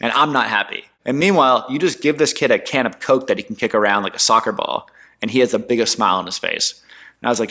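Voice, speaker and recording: A man in his twenties, a guest entrepreneur, telling his story in a casual interview in an animated, slangy way. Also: mid-range voice, fast. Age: 20s. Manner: animated, slangy, mimics others in quotes.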